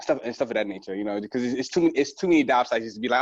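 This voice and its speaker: A man's voice: medium pitch, very fast, no room sound, highs cut off. A man chatting casually as a guest about diving, rambling with restarts, lots of fillers and frequent laughter. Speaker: guest diver. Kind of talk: casual podcast chat.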